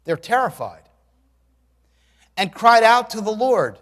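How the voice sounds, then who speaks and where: A man in his sixties preaching a sermon in a church, telling stories in an animated way with dry humor and bursts of loud exclamation. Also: sits high, takes it slowly, big-room sound. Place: church sanctuary.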